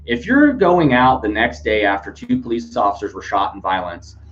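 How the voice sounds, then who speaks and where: A man's voice: lowish voice, sing-song, normal speed, fairly bright tone. A man hosting a casual news commentary podcast, rambling with many fillers and restarts. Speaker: podcast host. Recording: dull lo-fi sound with faint hum.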